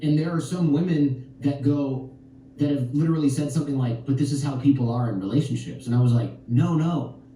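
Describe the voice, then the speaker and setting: A man with a very dark, mellow voice talks through relationship stories and acts out the lines of the people in them. He sounds set back from the mic in a very echoey space. A faint ambience sits behind him. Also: mid-range voice, fast, far from the mic, slight background noise. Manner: animated storytelling, acts out quotes. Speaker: podcast guest. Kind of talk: podcast conversation.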